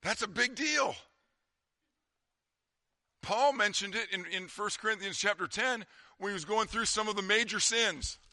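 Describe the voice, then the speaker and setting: Man, pastor, sermon delivery; slightly high, very bright voice, conversational with quiet emphasis. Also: moderate pace, no echo, clean studio sound.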